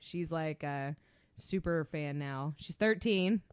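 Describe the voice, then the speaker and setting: A woman's voice: deep voice, takes it slowly, clear, resonant tone, dry recording. A woman co-hosting a podcast in loose, profane chat, often breaking into giggles and snorts. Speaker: podcast co-host. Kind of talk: casual podcast banter.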